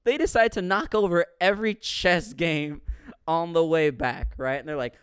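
A man with a slightly high, smooth voice, recorded close and dry, talks his way through a movie in casual chat. He tells it as a running story and jumps into loud, swearing impressions of the characters along the way. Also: moderate pace, no room sound. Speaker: podcast co-host reviewing a movie.

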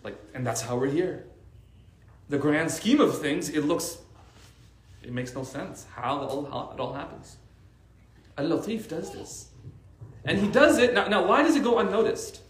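An Arabic teacher gives a casual religious talk to a faith circle, his voice on the high side at a moderate pace with long pauses, animatedly telling stories full of "like" fillers. The recording is reverberant.

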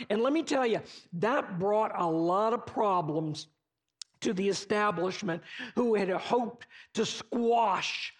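A man preaching a sermon, retelling a story in a conversational way with casual asides to the listeners. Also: sits high.

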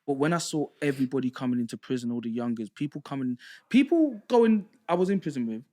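A man's voice: mid-range voice, quick pace. A man, telling stories in casual podcast chat and acting out the voices of other people. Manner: animated storytelling, acts out voices of inmates.

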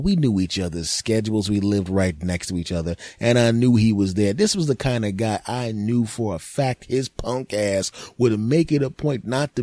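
A man's voice: lowish voice, warm tone, no room sound, clean studio sound. A man, a comedian hosting his own podcast, telling a rambling, profane, jokey story as a monologue.

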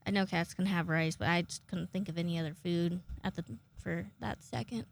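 A woman in her twenties chatting casually to her viewers, rambling and self-mocking, swearing often and jumping into high-pitched acted quotes. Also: fairly even intonation, a little fast, vocal fry. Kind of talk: casual chat to camera.

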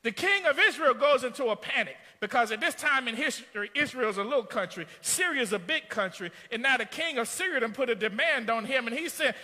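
A high-voiced male preacher with a very bright, piercing tone tells a story from the pulpit and climbs into shouts. His voice rings out with a long hall reverb in a church sanctuary. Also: expressive, a little fast, hardly any pauses. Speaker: pastor. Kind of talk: sermon.

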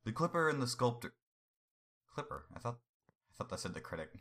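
A man's voice: mid-range voice, sing-song, fairly quick, fairly bright tone. A man co-hosting in casual chat and reading a story aloud, chatty and caring. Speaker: co-host and story reader.

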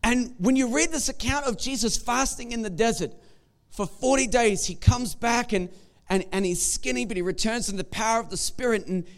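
A man preaching to his church with a high voice for a man. He talks conversationally and jokes, often repeating words as he restarts. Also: normal speed. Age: young adult or middle-aged. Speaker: pastor. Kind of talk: sermon.

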